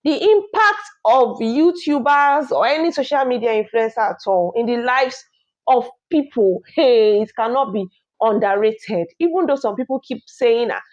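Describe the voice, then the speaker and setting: A woman with a Nigerian accent, a vlogger, opening her channel with chatty, opinionated commentary. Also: fairly high pitch. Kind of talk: reaction commentary. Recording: dull lo-fi recording.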